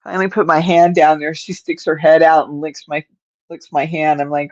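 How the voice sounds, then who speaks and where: A woman's voice: low-pitched, fairly even intonation, moderate pace, dry recording, dull audio. A woman hosting a casual livestream, rambling to her viewers and her cat, with a stuffed-up nose and sleepy yawns. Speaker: livestream host.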